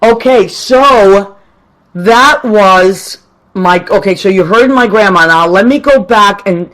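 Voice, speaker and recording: Woman radio host, solo live chat, warm greetings for listeners. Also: mid-range voice, takes it slowly. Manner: chatty and affectionate, greets people warmly.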